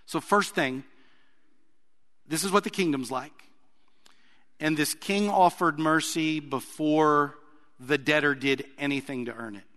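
A man's voice: fairly high pitch, a little slow, long pauses, pushed and bright. A man preaching a sermon in a conversational way, putting questions to his listeners. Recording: long reverb of a large hall.

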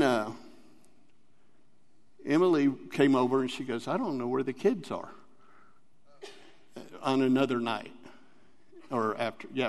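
A man's voice: mid-range voice, vocal fry, big-room sound. A man giving an earnest, rambling personal testimony at church and laughing often.

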